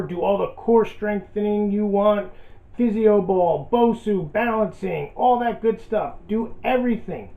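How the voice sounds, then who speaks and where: A man delivering a sarcastic, self-deprecating comedic rant as a vlogger. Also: high voice. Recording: echoey, tinny phone-like audio.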